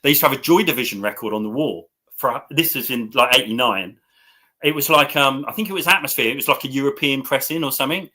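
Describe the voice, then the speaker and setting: A middle-aged man hosts a relaxed record-collecting chat. His voice is bright and forward. He laughs easily as he talks over a computer mic at home. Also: medium pitch, quick pace. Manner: chatty, laughs often. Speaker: host. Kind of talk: casual chat about records. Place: home room. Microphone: webcam or computer mic.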